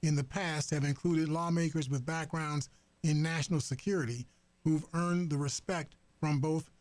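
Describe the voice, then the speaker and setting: A man hosting a talk radio program, commenting on the news in a halting way, full of fillers and restarts. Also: on the high side, fairly even intonation, a little mellow, no echo. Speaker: radio host. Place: radio studio. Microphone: studio microphone.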